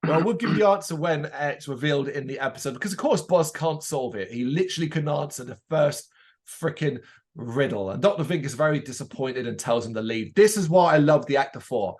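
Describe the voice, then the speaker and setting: A man with a slightly high voice talks a bit quickly as he co-hosts a podcast. He's casually recapping a TV episode, retelling it with energy and acting out the lines he quotes.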